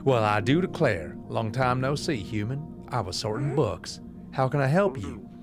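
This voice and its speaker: A man's voice: medium pitch, animated, normal speed, close to an everyday voice. A man voicing a genteel, bookish male scholar who explains things in a drawling manner, with game music behind him.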